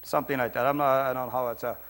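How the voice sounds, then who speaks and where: A middle-aged man with a Brazilian Portuguese accent, a pastor preaching a sermon, emphatic, swinging between loud preaching and quiet asides. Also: medium pitch, fairly even intonation, racing.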